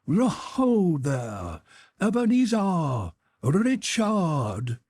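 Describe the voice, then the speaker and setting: A man voicing a jovial, portly old employer in an audiobook, calling out loudly in a rich, hearty, raised voice. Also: wildly swooping pitch, very slow, breathy edge, exaggerated voice. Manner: loud, booming calls.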